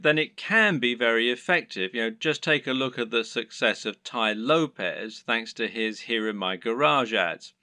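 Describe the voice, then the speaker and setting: A man narrating scripted advice on running an online business, in a lively explanatory delivery. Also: medium pitch, dry recording, studio quality.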